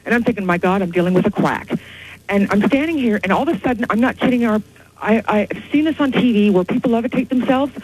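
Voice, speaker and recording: A woman calling in to a radio talk show, telling a rambling, excited story. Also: medium pitch, fast, slightly rough, rough recording. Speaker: caller. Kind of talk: call-in radio chat.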